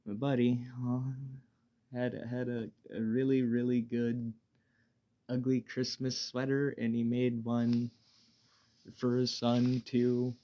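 A man talks alone into his podcast mic while high, with a dark, mellow tone. He rambles along in a laid-back drift, stumbling over restarts and cursing freely. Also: monotone, takes it slowly. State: high on weed. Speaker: podcast host. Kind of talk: casual solo podcast monologue.

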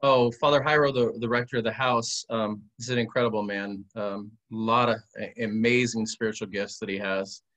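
A man's voice: fairly low pitch, fairly even intonation, moderate pace, few pauses, a bit bright. A man, a podcast guest, telling an earnest story in casual conversation, bringing it to life with quoted dialogue.

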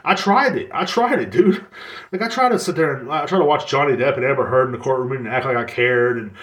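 A man's voice: medium pitch, animated, fairly quick, fairly bright tone. A young man hosting a podcast, ranting sarcastically and swearing often. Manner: swearing, sarcastic, mocks others in put-on voices. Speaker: podcast host. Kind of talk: casual ranting monologue. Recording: echoey room.

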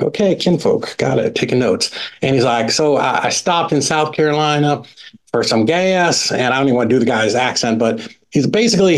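A middle-aged man recounting a personal story as a podcast guest. He talks casually and animatedly, leaning on "like" and "right?" as he goes. His voice sits at an ordinary middle pitch. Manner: lively anecdotal telling with frequent "like" and "right?".

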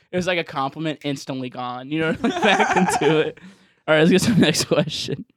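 A man's voice: a little high, sing-song, moderate pace, dry recording. A young man co-hosting a podcast, bantering casually, swearing and laughing often. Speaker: podcast co-host.

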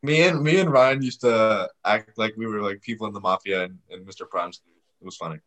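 A man's voice: on the low side, a little fast, a bit bright. A teenage boy hosting a podcast, chatting loosely with friends, swearing often and laughing easily. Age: teens. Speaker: podcast host. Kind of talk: casual chat with friends.

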